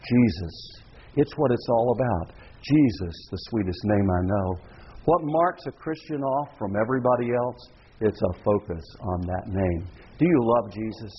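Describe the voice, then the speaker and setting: A man preaching a sermon as pastor, dramatic, acting out pleading worshippers in a high, rising voice. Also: lively intonation, measured pace, a little hiss or hum. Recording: dull lo-fi recording.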